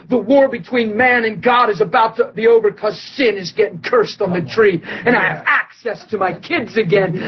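A man preaching and telling a story, animated and excitable, acting out quotes and laughing often. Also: high-pitched, highs cut off. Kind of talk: sermon storytelling.

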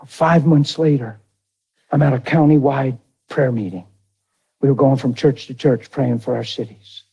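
A man's voice: medium pitch, steady tone, unhurried, vocal fry, dark tone, breathy edge, dull audio. A middle-aged man, a pastor, telling a personal testimony in a sermon in an earnest, conversational way. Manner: earnest, conversational retelling with quoted dialogue.

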